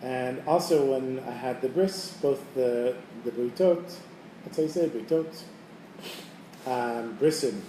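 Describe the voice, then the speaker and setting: A middle-aged man tells stories to a group in a loose, casual way, slipping into the voices of his characters as he goes. His tone is mellow and low in brightness. He is recorded from some distance in a roomy, echoing space with a faint hum behind him. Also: moderate pace, few pauses. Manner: casual, animated storyteller who acts out quoted voices. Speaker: teacher leading a holiday preparation class. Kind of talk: storytelling talk to a group. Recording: echoey room, mic at a distance, faint background noise.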